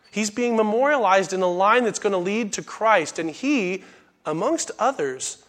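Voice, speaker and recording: A middle-aged man preaching a conversational Bible sermon, with folksy asides and sudden loud bursts when he acts out lines. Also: sits high. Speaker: pastor teaching a Bible study.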